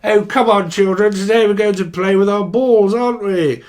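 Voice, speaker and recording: A man's voice: high voice, fairly even intonation, moderate pace, darkish tone, lightly acted. A man voicing a prim, fussy male children's TV presenter, scolding in a sing-song, silly way.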